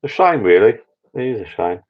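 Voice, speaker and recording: A man's voice: lowish voice, sing-song, normal speed, slightly rough. A man rambling in a casual live chat with viewers from his home bar room. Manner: rambling, chatty, many restarts. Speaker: channel host. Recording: dull lo-fi sound.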